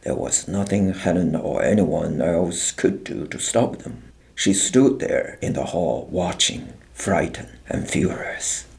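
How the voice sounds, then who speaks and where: Slow, gravelly male audiobook narrator. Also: sits low, a little mellow.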